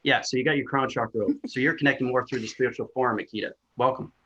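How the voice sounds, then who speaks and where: A man on a video call, doing an energy healing scan as he rattles off spiritual jargon in a quick, trailing run. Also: mid-range voice, fairly even intonation, a bit bright, slightly rough. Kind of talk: rapid spiritual scanning chant. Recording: dull lo-fi video-call audio.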